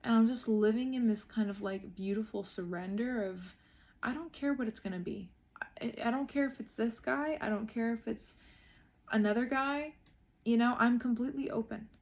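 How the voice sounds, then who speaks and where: A woman's voice: a little high, moderate pace, darkish tone. A young woman vlogger talking casually and emotionally, with many likes and you-knows. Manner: emotional, heartfelt, says "like" a lot. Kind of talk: reflective casual chat.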